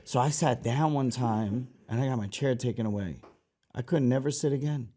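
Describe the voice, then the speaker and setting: A man's voice: mid-range voice, normal speed, warm tone. A man from the United States, a guest in an interview, telling stories with heavy swearing and acting out others' lines. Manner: profane, acts out others' lines. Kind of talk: animated storytelling.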